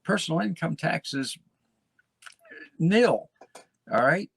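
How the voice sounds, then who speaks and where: A man's voice: fairly high pitch, gravelly, breathy edge, no echo. A male host giving a folksy, emphatic monologue, often repeating phrases and tagging lines with "okay?". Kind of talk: casual talk show monologue.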